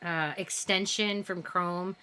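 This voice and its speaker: A woman's voice: fairly low pitch, fairly even intonation, slow pace, pushed and bright, clear, resonant tone. A woman streamer chatting casually between poem readings, giggly and self-deprecating, rambling a little. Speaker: streamer hosting a poetry night. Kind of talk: casual live-stream chat.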